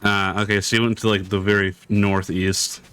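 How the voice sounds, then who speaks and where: Low-voiced young man rambling while gaming. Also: little pitch movement, moderate pace, a bit bright, slight background noise. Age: young adult. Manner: rambling, hesitant, many fillers. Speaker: streamer. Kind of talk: casual chat while gaming.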